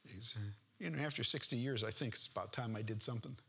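A man's voice: medium pitch, fast talker, vocal fry, bright, forceful tone, slight background noise. An older man preaching a sermon as pastor, reading scripture aloud and breaking off into homespun, joking asides about his family.

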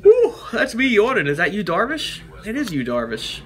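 A man's voice: high voice, sing-song, normal speed, bright, forceful tone. A man hosting a toy show, chatting casually as he reads out names and makes joking asides. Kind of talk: casual card-opening chat.

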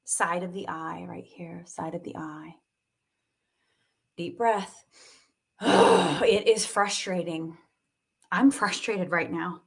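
A woman's voice: lowish voice, steady tone, slow, vocal fry, pauses often, breathy edge. A woman guiding a live tapping and breathing session, speaking soothingly and coaxingly, with sighs and moments of emotion.

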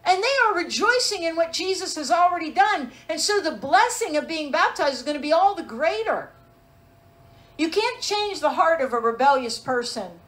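A woman preaching a sermon with a high, bright-pitched voice. She delivers it emphatically, with pointed rhetorical questions to her listeners. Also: low-quality recording. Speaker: pastor.

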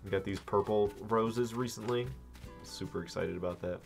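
A man chatting casually while streaming a video game, joking and rambling in quick asides. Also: lowish voice, gravelly, soft background music. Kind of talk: casual chat while gaming.

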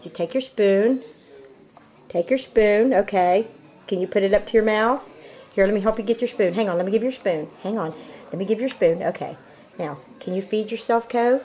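A woman's voice: mid-range voice, moderate pace, warm tone, rough recording. A woman filming home video, talking playfully and coaxing someone in her care. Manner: playful, coaxing sing-song toward a patient. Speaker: family caregiver. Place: clinic and bedroom. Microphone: handheld camcorder.

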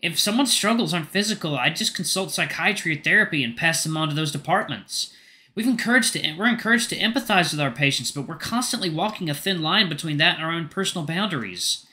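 A man voicing a gentle, caring male dog who works as a doctor, earnest and apologetic. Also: on the high side, expressive, fast, pitched above the performer's own voice.

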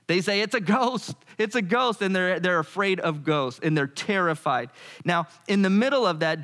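A pastor preaching a sermon, lively and animated, shifting his voice when quoting others. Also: a little high.

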